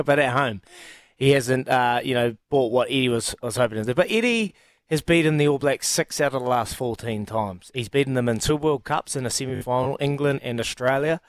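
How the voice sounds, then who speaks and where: A man's voice: medium pitch, dry recording. A man from New Zealand with a New Zealand accent, a former rugby player chatting casually as a radio guest, enthusiastic and often restarting his sentences. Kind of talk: casual sports radio chat.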